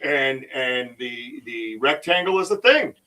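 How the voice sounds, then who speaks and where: A man hosting a casual podcast livestream about Bigfoot research, talking in an excitable, rambling way with many restarts. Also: medium pitch, a little slow, distant mic, low-quality recording.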